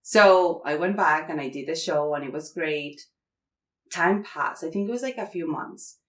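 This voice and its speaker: Lively woman from Mexico City, roomy sound. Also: low-pitched, moderate pace. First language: Spanish. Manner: lively storyteller who acts out quoted dialogue. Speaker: podcast guest. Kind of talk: casual podcast chat.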